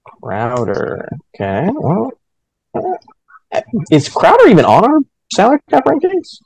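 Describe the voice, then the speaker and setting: A man co-hosting a casual podcast chat, running a mock draft with quick jokes. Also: creaky, no echo. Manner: quick, joking, lively pitch swings.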